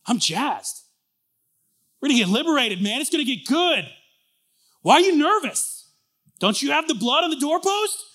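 A man's voice: very high voice, very animated, normal speed, pauses often, fairly bright tone, pitched above the performer's own voice, full character voice. A man voicing a cocky, self-assured ancient Hebrew man who teases his nervous friend in a sermon story. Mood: brash, excited. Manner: brash, teasing, self-assured.

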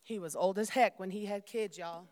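A young woman preaches in a smooth, resonant voice that sounds dry and close. She talks loosely and personally to her listeners, then moves into prayer and scripture reading. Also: mid-range voice, moderate pace, darkish tone, no echo. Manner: informal, addresses listeners as y'all, prays and reads aloud. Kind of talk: sermon.

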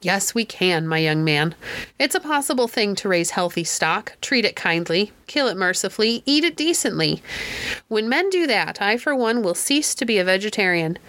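A woman reading an audiobook, voicing an eccentric old gentleman who lectures emphatically about cruelty to animals. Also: medium pitch, big pitch swings, normal speed. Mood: lecturing. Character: eccentric old vegetarian gentleman, fiery and preachy.

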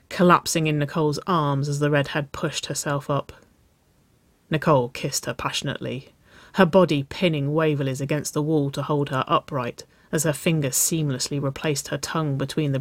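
A narrator reading romance fiction aloud with slow, lingering expression. The voice sits at a middle pitch. The recording is dry and close. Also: no room sound.

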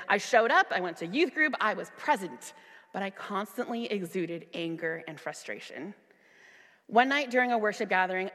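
A young woman worship leader giving a sermon with personal testimony, earnest and at times emphatic. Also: bright, forceful tone. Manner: earnest, rising to emphatic high peaks in retold dialogue. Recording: long hall reverb.

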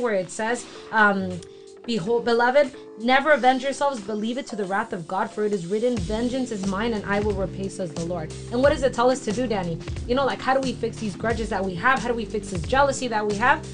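Young woman reading bible verses then chatting slangy, music playing clearly behind her. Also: on the high side, brisk. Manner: reads verses then talks in casual slang. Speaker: co-host of a faith discussion. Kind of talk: casual faith chat with scripture reading.

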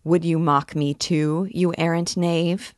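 A woman's voice: low voice, little pitch movement, takes it slowly, dry recording, clean studio sound. Woman voicing an irate male provost. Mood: angry. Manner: scolding, imperious. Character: irritable, furious male provost judge.

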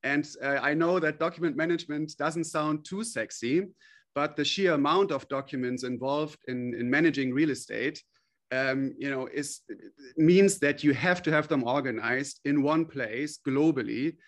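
A man's voice: on the high side, moderate pace. Hesitant man, company chief being interviewed. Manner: hesitant, many fillers and restarts, earnest. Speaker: company CEO, interview guest. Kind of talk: interview answers.

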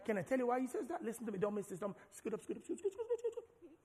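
A man preaching a sermon as pastor, animated and rising to shouts. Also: high-pitched, racing. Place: large church hall. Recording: long hall reverb.

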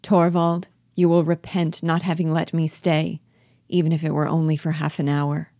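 A woman reading the part of an anxious young wife, tense and earnest, in a low, dry voice. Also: little pitch movement, normal speed, dark tone, dry recording. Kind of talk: reading a play aloud.

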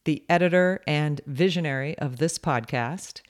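A woman hosting a podcast, giving a measured scripted introduction. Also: sits low. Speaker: podcast host. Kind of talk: scripted narration.

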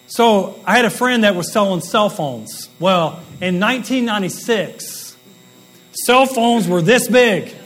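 Southern man, late 40s, guest speaker; high, chatty and self-mocking, light hum behind. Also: a bit bright, poor audio. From Southern United States. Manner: rambling, folksy and self-deprecating, with asides and laughs. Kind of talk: storytelling talk to an audience.

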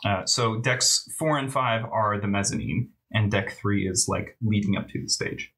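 A man's voice: fairly low pitch, moderate pace, fairly bright tone, low-quality recording. A man narrating a tabletop game as game master, casual and full of hesitant fillers.

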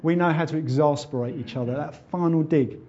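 A man's voice: on the high side, brisk, mellow, husky, dull audio. A man preaching a sermon in an earnest, conversational way. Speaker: pastor.

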